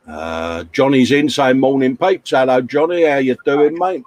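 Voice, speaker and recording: A man's voice: mid-range voice, unhurried, a little mellow, no echo. A man, co-hosting a live stream and chatting casually while reading viewer comments aloud. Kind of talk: casual banter.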